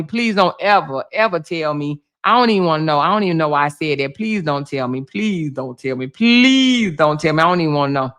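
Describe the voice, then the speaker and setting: A woman with speech doing casual gossip commentary on a livestream, animated, laughing often, swearing freely and talking straight to her chat. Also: low-pitched.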